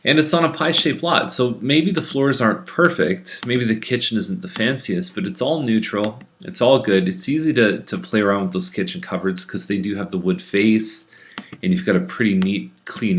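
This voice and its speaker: Guy real estate agent rambling thru listings, kinda low voice, lots of uhs and restarts. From Canada. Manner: chatty, conversational, many fillers and restarts. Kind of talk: casual listing rundown.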